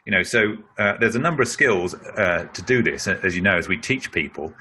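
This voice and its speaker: A man's voice: low voice, expressive, a little fast, bright, forceful tone, slight background noise. A middle-aged man answering a question in a webinar, explaining in a conversational way with many fillers. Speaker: speaker on leadership.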